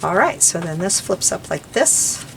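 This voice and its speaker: Older lady rambling while she crafts, kinda low voice, bit of background hiss. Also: big pitch swings, unhurried, creaky. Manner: chatty, rambling, warm little laughs. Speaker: crafting vlogger. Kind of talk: casual chat while crafting.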